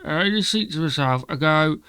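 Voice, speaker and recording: A boastful London gangster, as a man puts him on, drawling slowly and swaggering through every line. The voice is bright and pushed, sitting a little high, with a close, dry sound and no room around it. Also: animated, smooth, dry recording. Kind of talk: comic impression on a podcast.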